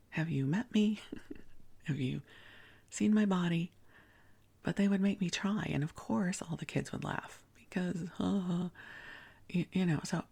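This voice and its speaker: An older woman in her sixties tells a personal story in a soft, breathy near-whisper. Her voice has a gravelly, husky grain. Her delivery is gentle and confiding, with small restarts. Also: deep voice. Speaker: podcast host.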